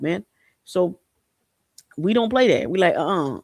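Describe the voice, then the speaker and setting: A man hosts a podcast, talking in a slightly high, gravelly voice. He is blunt and profane, and he rambles with frequent restarts. The sound is dry and close. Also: lively intonation, a little slow, no room sound. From Haiti. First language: Haitian Creole. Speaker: podcast host. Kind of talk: casual opinion commentary.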